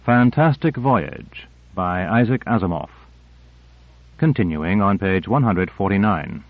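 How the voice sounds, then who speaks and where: A man reading an audiobook in a measured, even scripted narration, on a narrow-band tape recording. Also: low voice, no room sound.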